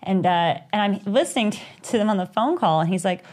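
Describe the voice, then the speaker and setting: A woman, co-hosting a podcast in casual chat, telling a story animatedly and acting out quoted voices with sudden high pitch jumps. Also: fairly quick, a little mellow. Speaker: podcast co-host.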